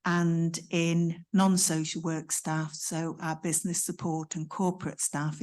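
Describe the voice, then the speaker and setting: A woman's voice: low voice, darkish tone. A woman union health and safety rep giving a conference presentation, methodically reading out figures and guidance step by step.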